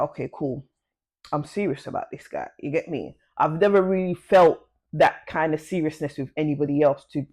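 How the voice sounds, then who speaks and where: A woman vlogger tells a personal story to camera in a loose, casual way, full of slang. Her slightly mellow voice leaps up in pitch whenever she acts out snippets of conversation.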